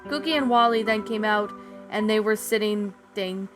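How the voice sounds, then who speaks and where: Woman reading a story over soft music. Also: mid-range voice, normal speed. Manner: steady, even narration with small slips. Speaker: fan fiction reader. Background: soft background music.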